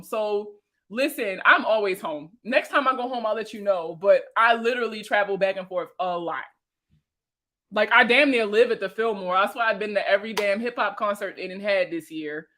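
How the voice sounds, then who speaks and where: A woman around thirty with a Baltimore accent, hosting a casual livestream chat with viewers, slangy and profane and quick to laugh. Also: mid-range voice, bright, forceful tone. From Baltimore, USA. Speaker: host answering viewer comments.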